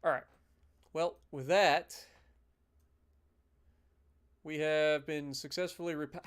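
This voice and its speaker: A man giving casual, animated live commentary as he plays a strategy game, ranting now and then in mock outrage. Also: sits high, measured pace, pauses often, clear, resonant tone. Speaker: gaming streamer.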